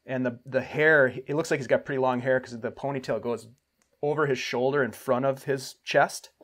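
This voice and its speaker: A man of middle pitch running a tabletop game, describing scenes in a relaxed, loose way full of "uh" and "you know". He sounds like a game master chatting at the table. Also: moderate pace.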